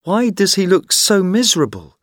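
An eager, kind young man from an audiobook tale, his questions springing upward in pitch , voiced by a man reading the story. He talks in quick bursts of surprise but at a measured, unhurried pace. The sound is close and dry. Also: very animated, no room sound. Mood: earnest. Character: young man, poor, kind-hearted, easily flustered.

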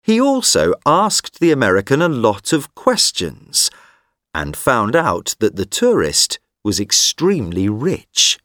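A man giving scripted narration for a textbook listening exercise, reading slowly, clearly and expressively into a studio microphone. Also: mid-range voice, wildly swooping pitch, a bit bright, dry recording.

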